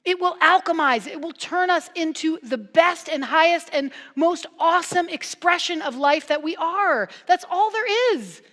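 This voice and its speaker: A woman minister giving a conversational sermon, animated and playful in her storytelling, turning hushed and earnest at times. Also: very high voice, measured pace, hardly any pauses. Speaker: guest minister. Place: church sanctuary. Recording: long reverb from a church hall.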